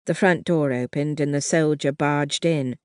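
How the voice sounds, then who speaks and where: Slow, measured audiobook narrator. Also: medium pitch, steady tone, clean tone, no echo, clean studio sound. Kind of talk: scripted narration.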